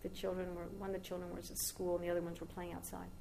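A woman's voice: lowish voice, completely flat delivery, racing, creaky, warm tone, slight background noise, low-quality recording. A woman giving a devotional talk as a spiritual teacher, telling a long story in a rambling, conversational way with asides to her listeners.

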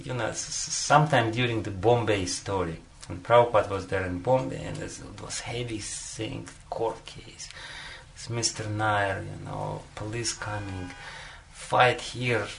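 A man's voice: fairly low pitch, fairly even intonation, a little slow, creaky, slight background noise. A man giving a devotional talk as a spiritual teacher, telling a story and often chuckling between phrases, with frequent "you know" fillers.

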